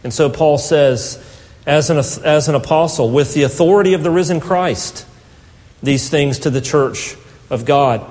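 Pastor guy preaching, a bit high-pitched, slows way down to hammer points, big echoey church. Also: a little mellow. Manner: earnest, emphatic preaching with slow stressed phrases. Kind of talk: sermon.

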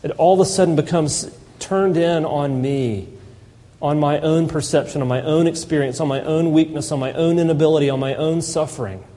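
A man's voice: on the high side, normal speed, dark tone. Man preaching in a reverberant hall. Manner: impassioned preaching, mimics complainers in whiny voice. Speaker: pastor. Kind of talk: sermon. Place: church sanctuary.

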